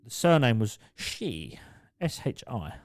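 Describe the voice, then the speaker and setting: A man's voice: medium pitch, very animated, takes it slowly, no room sound. Young guy telling work stories on a podcast, swears a lot, laughs, dry close sound. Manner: swears, laughs through his own stories. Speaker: podcast co-host. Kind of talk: casual storytelling chat.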